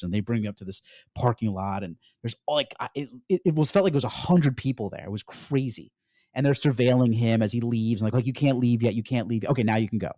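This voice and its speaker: A middle-aged man from the United States, a podcast guest recounting his story in an animated way and often saying "like". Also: lowish voice, no room sound, clean studio sound. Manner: animated storyteller, peppers speech with "like". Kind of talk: storytelling interview.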